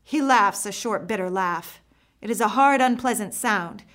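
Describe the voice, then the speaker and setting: A woman reading a first-person story aloud, earnest and reflective, with expressive phrasing. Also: medium pitch, normal speed. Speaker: narrator.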